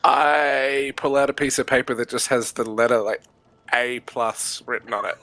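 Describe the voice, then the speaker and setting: A man's voice: medium pitch, little pitch movement, moderate pace, pushed and bright. A man playing a tabletop game who jokes with dry quips. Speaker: player.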